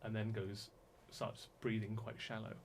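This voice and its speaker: A man's voice: on the low side, monotone, a little slow, creaky, slight background noise. A man narrating as dungeon master in a tabletop game, with genial, chuckling delivery.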